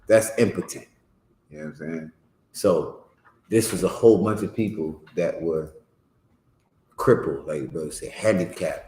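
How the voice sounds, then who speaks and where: A man's voice: deep voice, lively intonation, moderate pace, gravelly, long pauses, mellow. A man teaching an informal Bible class, explaining verses in plain slang and often checking in with "you know what I'm saying?". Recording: echoey room.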